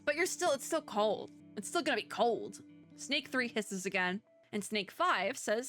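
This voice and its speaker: A woman's voice: fairly high pitch, expressive, measured pace, a bit bright. A young woman from the US Midwest giving casual, rambling gameplay commentary, filling her sentences with "like.". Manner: chatty, rambling, heavy use of "like". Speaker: VTuber let's player. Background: faint game music.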